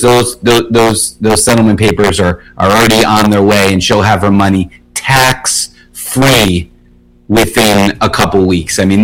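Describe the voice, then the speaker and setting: A middle-aged man, a personal injury lawyer, tells a case story on a radio show in a casual way. He often repeats and restarts his words and speaks in quick bursts. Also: fairly low pitch, fairly bright tone, rough recording.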